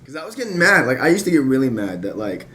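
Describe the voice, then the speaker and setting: A young man guests on a podcast, chatting casually in a medium-pitched voice at a quick pace. He's an animated storyteller who acts out what people said.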